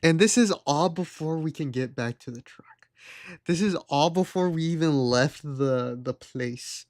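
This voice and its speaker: A man's voice: a little high, measured pace, no room sound, studio quality. Young man streamer telling a story. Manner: animated, mimics the people he quotes. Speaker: livestreamer. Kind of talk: casual storytelling.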